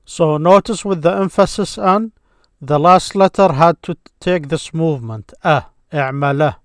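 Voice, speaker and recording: A man with a slightly high voice teaches a grammar lesson, walking through each rule step by step. He restarts a word now and then as he explains. The recording is close and dry, with no room sound. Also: unhurried, no echo.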